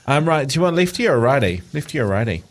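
A man's voice: medium pitch, big pitch swings, fast talker. A man hosting a show, reading celebrity news with chatty asides and jokes, often stumbling over words. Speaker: radio host.

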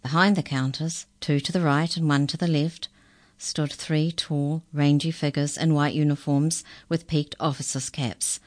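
Slow low-voiced woman reading a children's story. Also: no echo, studio quality. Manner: unhurried, expressive reading.

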